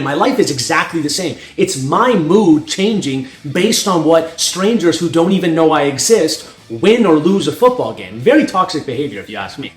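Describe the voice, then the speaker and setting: A young North American man, a strength coach, giving a blunt, profane opinion monologue and laughing at his own points. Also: a little high. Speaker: strength coach and channel host. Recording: echoey room with faint music.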